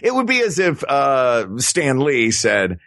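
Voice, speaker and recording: A man's voice: mid-range voice, wildly swooping pitch, slow pace, vocal fry, a bit bright. A man co-hosting a comedy podcast, chatting casually and teasing his friend in a playful, jokey way. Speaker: podcast co-host.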